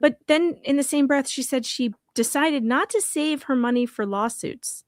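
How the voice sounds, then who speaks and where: A woman co-hosting a casual livestream chat, teasing and chiming in with quick asides. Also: high voice, dry recording, studio quality.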